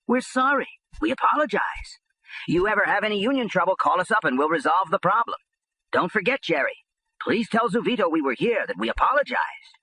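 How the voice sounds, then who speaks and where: A man's voice: sits high, sing-song, brisk, bright, forceful tone, slightly rough, no echo, pitched above the performer's own voice, exaggerated voice, low-quality recording. A man voicing big male union thugs making hasty, eager apologies. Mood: apologetic.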